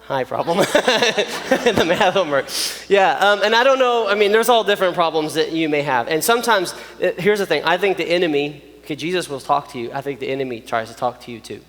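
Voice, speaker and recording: A man, preaching a joking, animated youth sermon straight to his audience. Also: on the high side, fast, few pauses. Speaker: youth pastor. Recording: long reverb of a large hall.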